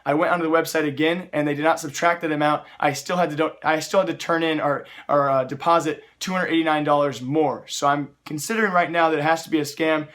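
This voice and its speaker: A young man hosting a casual gaming news vlog, energetic and chatty, his voice a bit worn from long live streams. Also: fairly high pitch, quick pace, few pauses. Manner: energetic, chatty, keeps addressing viewers as guys. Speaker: esports news host.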